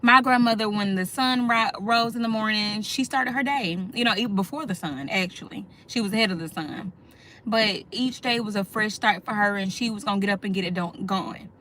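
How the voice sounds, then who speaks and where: A woman's voice: medium pitch, a little fast, pushed and bright, slight background noise. A middle-aged woman hosting a casual talk, speaking heartfelt and personal and calling her listeners "y'all". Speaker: host.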